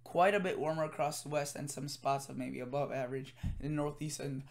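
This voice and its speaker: A man's voice: fairly high pitch, steady tone, brisk, vocal fry. A tired man giving a casual weather forecast from home, rambling with many fillers and self-corrections. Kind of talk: casual forecast commentary over screen.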